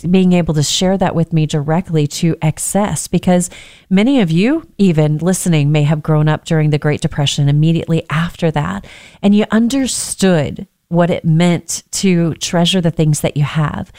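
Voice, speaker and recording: A woman's voice: fairly low pitch, warm tone, no echo, clean studio sound. An American woman hosting a reflective faith-based talk, telling personal stories in an earnest way with self-deprecating asides. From United States.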